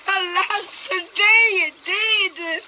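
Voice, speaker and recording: A woman's voice: very high voice, steady tone, drawn-out words, noisy background, heavily acted. A woman reading the part of Juliet's nurse, lamenting and declaiming Shakespeare verse. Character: Juliet's grieving older nurse.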